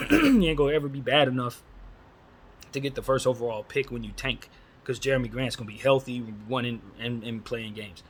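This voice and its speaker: A man's voice: medium pitch, animated, normal speed, a little hiss or hum. A man hosting a casual solo basketball chat, talking bluntly and with strong opinions, using casual slang. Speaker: basketball commentary host.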